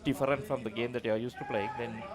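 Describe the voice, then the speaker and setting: A man's voice: medium pitch, fairly even intonation, quick pace. A man co-commentating a cricket match with short, matter-of-fact remarks. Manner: brief, matter-of-fact interjections. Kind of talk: live sports commentary. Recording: commentary with crowd noise behind.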